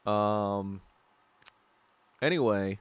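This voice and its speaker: A man's voice: on the low side, very slow, clear, resonant tone, no room sound. A young man hosting a casual podcast, telling rambling stories with frequent laughs and swearing. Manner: rambling storyteller, laughs often, swears a lot. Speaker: podcast host. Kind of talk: casual livestream chat while eating.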